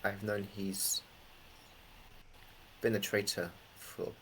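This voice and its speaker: A man playing a young man who speaks bluntly and gravely as he reveals a betrayal in a tabletop role-play. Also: on the low side, flat delivery, slow, fairly bright tone, slight background noise, poor audio. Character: young man confessing a dark secret, grave.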